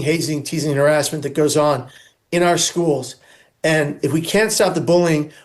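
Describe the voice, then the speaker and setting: A man speaking as an interview guest, earnest and emphatic, building his points in repeated lists. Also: a little high. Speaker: guest, suicide prevention speaker. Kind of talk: earnest advocacy talk.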